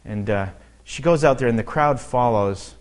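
A man preaching through a scripture passage in a mid-pitched voice. He reads each verse and then talks it over in a loose, conversational way, thinking aloud as he goes. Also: moderate pace. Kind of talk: verse-by-verse Bible teaching.

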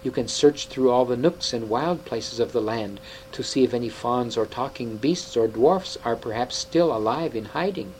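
A man's voice: mid-range voice, moderate pace, few pauses, a little mellow, a little hiss or hum, natural voice, low-quality recording. A man playing a grave old half-dwarf scholar. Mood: earnest. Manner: grave, earnest and tender.

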